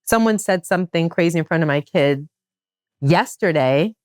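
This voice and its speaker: A woman hosting a podcast, talking in a casual chat style and making her points with animated emphasis. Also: moderate pace, dry recording, studio quality. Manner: animated and emphatic, with wide swings in pitch. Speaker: podcast host.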